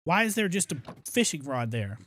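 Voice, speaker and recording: A young man giving casual gameplay commentary as a streamer, chatty, with exaggerated complaints and excited outbursts. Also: on the high side, normal speed, no room sound. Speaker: gaming streamer.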